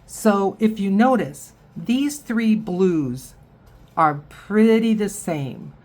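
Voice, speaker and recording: A woman's voice: medium pitch, animated, very slow, a little mellow. A woman giving a casual painting tutorial, chatting and thinking aloud as she works. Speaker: watercolor instructor.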